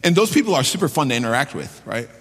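A man's voice: mid-range voice, big pitch swings, fast, a bit bright, slightly rough, big-room sound. A male pastor preaching a sermon emphatically, repeating key phrases for weight.

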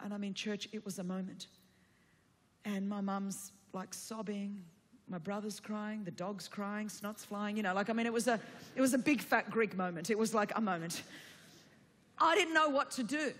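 Bright-voiced woman preaching. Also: medium pitch, moderate pace, in a large hall. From Australia. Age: 40s. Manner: chatty, humorous, expressive storyteller. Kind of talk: storytelling sermon.

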